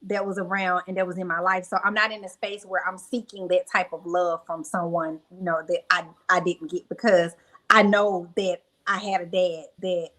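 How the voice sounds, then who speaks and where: A woman's voice: lowish voice, level tone, normal speed, bright, forceful tone, low-quality recording. A young adult woman speaking candidly as a podcast guest, telling reflective personal stories with many fillers. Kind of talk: podcast interview.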